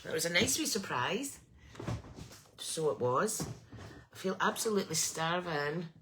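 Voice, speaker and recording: A woman's voice: on the low side, sing-song, measured pace, fairly bright tone, slight background noise, poor audio. A middle-aged woman hosting a chatty craft live stream with a bunged-up nose, rambling and greeting viewers by name. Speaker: craft livestream host.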